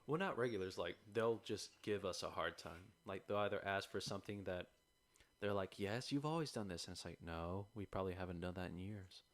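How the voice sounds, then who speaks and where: On a close podcast mic with no echo, a young co-host chats casually, telling a lively story in which he plays the customers. His voice is low-pitched and he talks fairly quickly.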